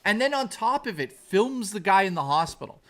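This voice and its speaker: A man's voice: sits high, sing-song, moderate pace. A man on a live stream ranting in anger, swearing often, then reading his chat aloud. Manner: heated, profane, repetitive ranting.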